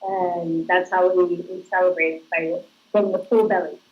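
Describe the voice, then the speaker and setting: A woman's voice: fairly low pitch, flat delivery, normal speed, highs cut off. A woman actress giving casual, chatty interview answers, laughing as she tells stories. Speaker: actress guest.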